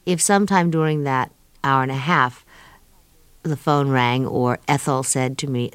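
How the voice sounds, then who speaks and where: A middle-aged woman from New York, a guest speaking thoughtfully in an interview and pausing often with fillers. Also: rumbling low, animated, clear, resonant tone, no echo. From New York, USA. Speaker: guest, author of an autobiography. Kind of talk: reflective interview talk.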